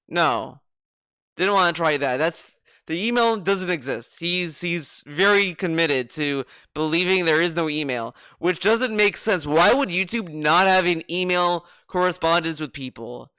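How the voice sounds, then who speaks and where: Sarcastic, rambling man with a bright voice. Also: fairly high pitch, animated, unhurried, smooth, no room sound, clean studio sound. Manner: sarcastic, rambling, repeats himself. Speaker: streamer reacting to a video. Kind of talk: casual reaction commentary.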